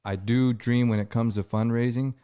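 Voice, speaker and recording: A man who founded a nonprofit, answering as a podcast guest in a measured, modest way. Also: mid-range voice, fairly even intonation, dark tone, clean tone. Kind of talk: interview answer.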